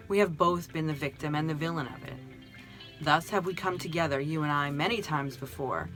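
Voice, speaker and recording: A woman voicing a kind, gentle friendly soul who speaks with calm, tender reassurance in a storybook reading. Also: sits low.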